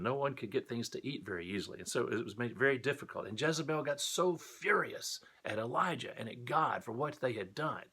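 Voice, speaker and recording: Bright-voiced Sunday school teacher. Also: male voice, mid-range voice, breathy edge. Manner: friendly, explanatory storytelling. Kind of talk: recorded Bible story lesson.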